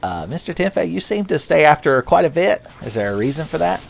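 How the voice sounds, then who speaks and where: A man's voice: fairly high pitch, big pitch swings, a little fast, vocal fry, a little hiss or hum, pitched above the performer's own voice, exaggerated voice. A man doing a prim, scolding woman teacher. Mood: suspicious. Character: stern female dragon-school teacher.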